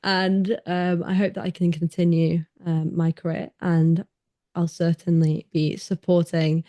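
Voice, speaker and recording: A young woman hosting a casual interview, speaking hesitantly with many fillers and pauses. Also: lowish voice, flat delivery, mellow. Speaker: podcast host, racing driver.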